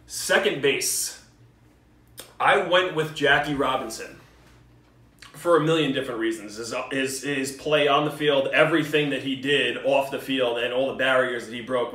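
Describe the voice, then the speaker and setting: A man's voice: medium pitch, fairly bright tone. Joking New man, roomy distant sound. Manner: joking, swearing, enthusiastic banter. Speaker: vlogger. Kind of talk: casual video response. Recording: roomy echo, mic at a distance.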